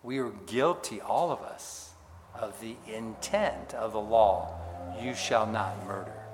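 Slow preaching man, hall reverb. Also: lowish voice, noisy background. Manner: preacherly, emphatic with dramatic drops to quiet. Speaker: pastor. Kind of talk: sermon.

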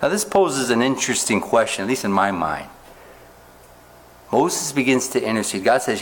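A man preaching a sermon, reading scripture aloud slowly and stopping often to ask his listeners rhetorical questions. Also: mid-range voice, very animated, slight background noise. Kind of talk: sermon, Bible teaching.

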